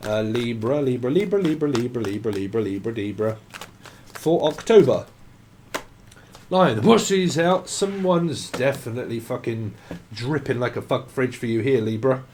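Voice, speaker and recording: A man's voice: medium pitch, lively intonation, moderate pace, dark tone, slight background noise. A man giving a tarot reading, free-associating names and words, swearing and now and then singing snatches of songs. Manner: rambling free association, swearing, breaking into song. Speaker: tarot reader.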